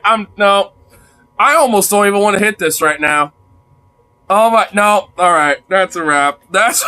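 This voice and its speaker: A man's voice: high-pitched, huge pitch swings, measured pace, bright, forceful tone. A man chatting casually with his viewers on a livestream, crude and joking. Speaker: streamer.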